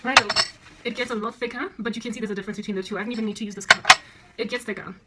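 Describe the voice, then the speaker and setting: A woman's voice: a little high, steady tone, very fast, very noisy. A playful, chatty woman with a South African accent, vlogging a casual demonstration in her home kitchen and breaking into sing-song asides. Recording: loud clinking dishes and cutlery behind. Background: clattering dishes, pots and cutlery.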